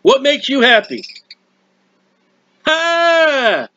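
High-voiced man preaching excitedly at home. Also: moderate pace, no echo. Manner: animated, rambling, exclamatory. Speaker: preacher of a hymn channel. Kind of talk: impassioned home sermon. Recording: dull lo-fi dry sound.

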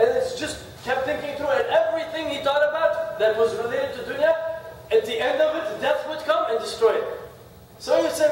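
A man giving a sermon, telling a story with lively invocations, then leading a closing supplication before a gathering. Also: very high voice, quick pace, a little hiss or hum. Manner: animated storytelling with frequent invocations. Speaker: speaker giving a religious talk. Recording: very echoey hall, mic at a distance.

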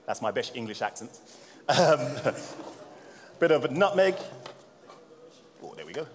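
A man presenting a live bar seminar at a middling pitch, chatting and joking with the crowd as he works. His voice rings with a long hall reverb. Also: big pitch swings, takes it slowly, long pauses. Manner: jokey, chatty, addresses the audience. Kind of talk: live cocktail demonstration talk. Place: seminar room at a bar trade show.

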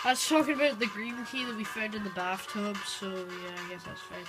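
A woman giving casual let's-play commentary, reading the on-screen text aloud and reacting quickly. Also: mid-range voice, steady tone, rough recording. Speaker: gamer. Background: game music.

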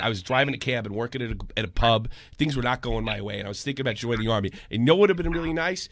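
A man in his forties hosting a podcast, telling a story and ranting with constant swearing, dropping low and then shouting. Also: no room sound. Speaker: podcast host. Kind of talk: profane commentary rant.

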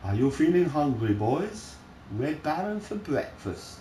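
A man swearing and shouting at opponents while playing a game with a friend. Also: a little high, big pitch swings, a little slow. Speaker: gamer recording his play. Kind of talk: casual gaming chat with a friend. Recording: roomy sound with faint noise.

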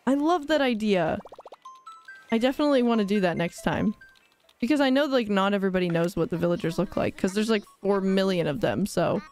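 Bubbly young woman streaming a game, giggly and rambly, mid voice, soft game music behind. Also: mid-range voice, brisk. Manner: bubbly, giggly, rambling, reads chat aloud. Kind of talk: casual live-stream chat.

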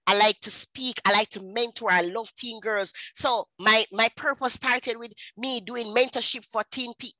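A woman in her thirties with a Jamaican accent, telling her personal testimony in an animated storytelling way and slipping into patois. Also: on the high side, normal speed, few pauses, dry recording, rough recording. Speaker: speaker at a women's ministry.

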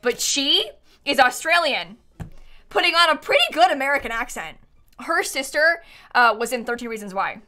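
A chatty young woman streaming a game from her desk, her voice bright and clear. She swings up and down a lot as she talks and keeps breaking into giggles. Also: high voice, animated, normal speed. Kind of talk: casual live-stream chat while playing a life-sim game.

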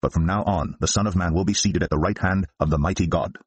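A calm, solemn Jesus, read by a man in his own deep voice. The words come measured and low, husky, and dry. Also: dry recording.

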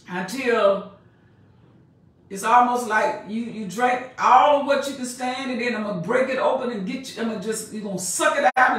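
Woman preacher, sermon, slow emphatic scripture reading, plain-spoken asides, bright voice, heard from a distance. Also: a little high. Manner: reads verses slowly and emphatically, then paraphrases in plain colloquial speech. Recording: echoey room, mic far off.

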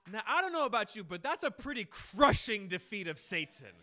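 A young man preaching a sermon, telling stories emphatically and dramatically, with big swings in loudness. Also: high voice, very animated, a little fast, a little hiss or hum.

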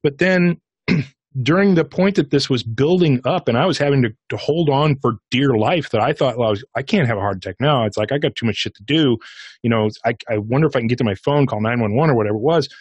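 A middle-aged man, a podcast guest and author, telling a personal experience in a casual, animated way, acting out his own inner dialogue. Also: medium pitch, fast, breathy edge, dry recording. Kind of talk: interview storytelling.

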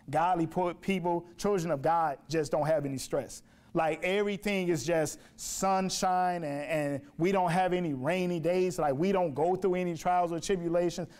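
Male preacher, sermon, high voice, emphatic, repeats himself, rhetorical questions. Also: darkish tone. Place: church sanctuary.

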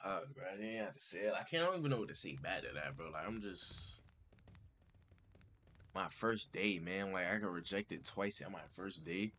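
A low-pitched man talks over his game in an excitable, swooping voice. He is slangy and keeps tossing in "bro" as he reacts. A faint hiss of background noise sits under him. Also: moderate pace. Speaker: gaming channel host. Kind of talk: casual gameplay commentary.

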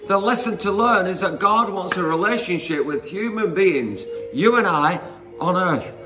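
A man's voice: sits high, animated, normal speed. A man preaching an informal sermon, conversational and rambling with fillers and asides as he retells Bible stories.

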